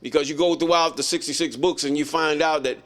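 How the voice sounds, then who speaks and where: A man's voice: on the high side, fairly even intonation, brisk, a bit bright. A man leading an informal Bible study, reading verses aloud and then commenting on them in a folksy, emphatic way. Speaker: Bible teacher.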